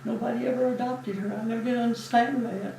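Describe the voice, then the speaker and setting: Her voice on the high side with fairly even intonation and vocal fry, this former Navy nurse in her eighties talks fast. Recorded in an echoey room via a distant mic with slight background noise, she reminisces in an interview as a chatty, warm storyteller who often laughs.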